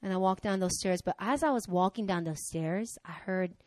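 A woman preaching a sermon who tells candid personal stories and acts out the dialogue with lively energy. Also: mid-range voice, normal speed, no echo. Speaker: preacher, pastor's wife.

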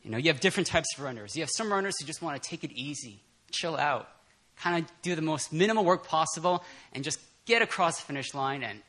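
A man preaching a casual, conversational sermon at a church prayer meeting, animated and laughing often, with many fillers and restarts. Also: a little high, fast.

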